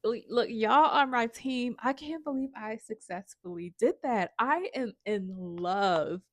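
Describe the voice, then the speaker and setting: A woman vlogging about her writing, chatting casually and excitedly to her viewers and often calling them y'all. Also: a little high, unhurried, no echo. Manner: gushing, excitable, says y'all a lot. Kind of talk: casual chat to camera.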